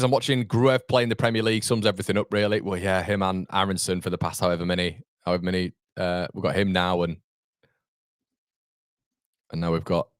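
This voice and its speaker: A man in his thirties hosting a live football watchalong, chatting with viewers in an animated, rambling way that jumps between laughter and fed-up rants. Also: on the low side, no room sound, clean studio sound. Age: 30s. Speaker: fan channel host.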